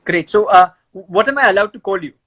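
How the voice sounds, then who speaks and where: A man's voice: sits high, brisk, pushed and bright. A man with an Indian accent hosting a chat show over a video call, effusive and given to repeating his words as he talks. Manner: effusive, repeats words and restarts often, laughs easily. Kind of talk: casual video-call interview.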